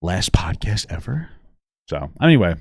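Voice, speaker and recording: Deep-voiced man chatting on a podcast. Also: sing-song, normal speed, gravelly, husky, dry recording, clean studio sound. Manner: laughing often, soft and affectionate. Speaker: podcast co-host. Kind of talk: casual chat.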